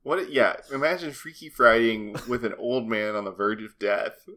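A man in casual podcast chat, giggly and quick to react. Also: mid-range voice, pushed and bright.

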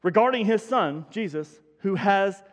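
A man preaching a sermon as pastor, conversational and energetic, repeating key phrases for emphasis. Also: high-pitched, unhurried, long reverb tail.

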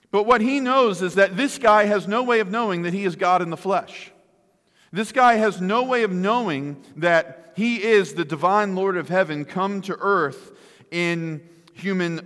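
A man's voice: high-pitched, a bit bright, long reverb tail. A man preaching a sermon, emphatic and often asking the listeners rhetorical questions.

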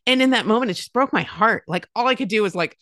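A woman's voice: a little high, fast, no room sound, clean studio sound. A woman in her fifties, a mother with grown children, telling stories in casual conversation, often acting out what others said. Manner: warm storyteller, lively quoted voices, many restarts. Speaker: podcast guest.

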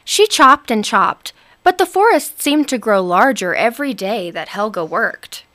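Woman narrator, storybook read-aloud, slow pace, animated melody. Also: on the high side. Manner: expressive, unhurried.

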